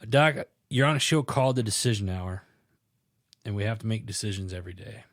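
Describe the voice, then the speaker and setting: A man hosting a podcast interview, jovial and quick to laugh, with stumbling restarts. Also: lowish voice, no echo, studio quality. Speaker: podcast host. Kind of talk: casual interview chat.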